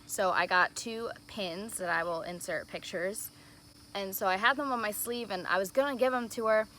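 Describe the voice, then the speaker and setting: A young woman telling a story in a casual vlog, excited and gushing, saying "like" again and again. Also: medium pitch, moderate pace, a little hiss or hum. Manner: excited and gushing, heavy use of "like". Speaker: vlogger.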